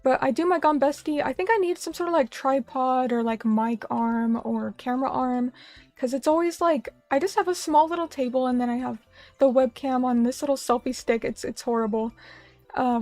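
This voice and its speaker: High-voiced chatty young woman streamer. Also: darkish tone. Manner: chatty, rambling, self-deprecating. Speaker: vtuber streamer. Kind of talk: casual chat reading stream comments. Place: small room at a little table.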